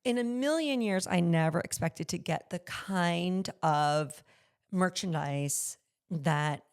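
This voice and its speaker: A middle-aged woman, a podcast guest who owns a luxury consignment store, telling candid, animated stories and acting out the voices she quotes. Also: lowish voice, takes it slowly, clean tone. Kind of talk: conversational interview storytelling.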